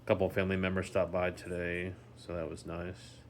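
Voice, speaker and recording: A man talking casually in a daily vlog, rambling slowly with many ums and restarts while recovering at home and sounding tired. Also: low voice, completely flat delivery, slight background noise. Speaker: vlogger.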